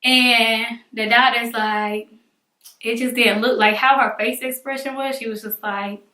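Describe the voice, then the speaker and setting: Bright, animated young woman vlogger. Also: a little high, a little slow. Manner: animated, dramatic retelling with acted-out voices. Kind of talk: storytelling vlog. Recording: echoey room.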